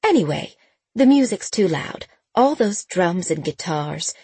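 A woman voicing an elderly aunt who is brisk, blunt and fussing in an audiobook. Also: fairly low pitch, very animated, darkish tone, slightly rough, no room sound, heavily acted.

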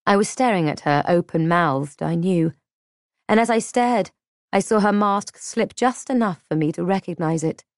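A woman narrating a first-person audiobook in a measured, reflective way. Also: lowish voice, no room sound, studio quality.

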